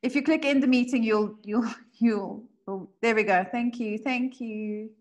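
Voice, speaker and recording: A woman's voice: fairly high pitch, a little slow, muffled recording. A woman co-hosting a webinar on a video call, friendly as she reads out questions and wraps up. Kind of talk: casual webinar moderation.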